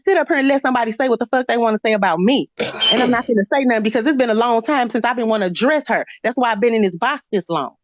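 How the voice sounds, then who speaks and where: A woman's voice: fairly high pitch, quick pace, no echo. Blunt, profane woman on a dry, muffled line. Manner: blunt, profane, repeats her point insistently. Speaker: live-stream participant. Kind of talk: heated live-stream argument.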